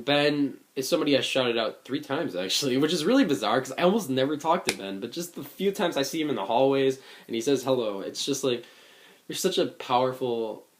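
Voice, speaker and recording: A young man in his late teens talks in a casual reflective vlog. He sounds earnest and rambling, with many fillers and restarts. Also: mid-range voice. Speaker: vlogger.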